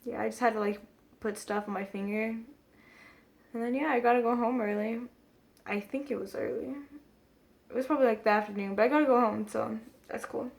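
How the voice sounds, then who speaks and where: Woman vlogger, highish pitch with lots of vocal fry, rambling casual storytime to camera. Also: fairly even intonation, brisk, long pauses.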